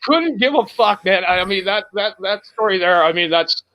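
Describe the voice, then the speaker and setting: A man telling a profane, animated road story as a guest on a casual talk show. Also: sits high, moderate pace, dull audio. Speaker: guest musician.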